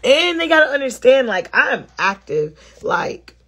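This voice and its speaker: A woman's voice: sits high, big pitch swings, unhurried, hardly any pauses, fairly bright tone, husky. A woman vlogger chatting casually and expressively straight to her viewers. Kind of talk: casual vlog chat to viewers.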